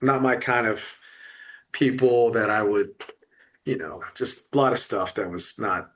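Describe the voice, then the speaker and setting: Appearing as a guest on a podcast, a middle-aged man talks emotionally about loss in a fairly low voice with a fairly bright tone. He speaks haltingly, restarting often and using many fillers.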